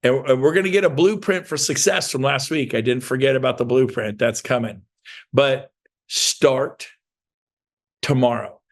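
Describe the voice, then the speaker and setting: A middle-aged man giving an energetic motivational talk to real estate agents, emphatic and animated, with bursts of shouting. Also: mid-range voice, normal speed.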